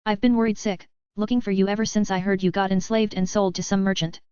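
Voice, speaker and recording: Narrator plays a tall, tough-looking but earnest wolf-man who keeps insisting; crisp, dry audiobook read. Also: mid-range voice, little pitch movement, quick pace, a little mellow, no echo, lightly acted. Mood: pleading. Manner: pleading, insistent. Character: big tough male wolf beastkin, earnest. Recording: dry, slightly dull lo-fi.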